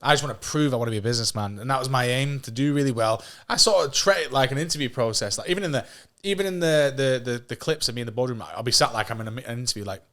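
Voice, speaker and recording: An Englishman in his thirties with a mid-range voice guests on a podcast, telling stories in a relaxed, lively way. He swears freely and laughs at his own jokes.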